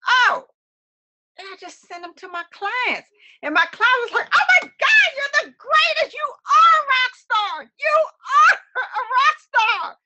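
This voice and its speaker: A woman with a high-pitched, bright, forceful voice co-hosts a webcast. She chats casually to viewers, acts out quotes, and laughs a lot.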